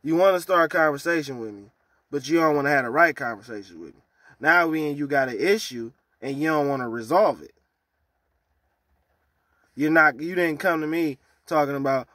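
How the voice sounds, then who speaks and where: A man ranting in a profane, heated vlog about trouble at work, swinging from loud outbursts to low mutters. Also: moderate pace, no echo, studio quality. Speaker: vlogger.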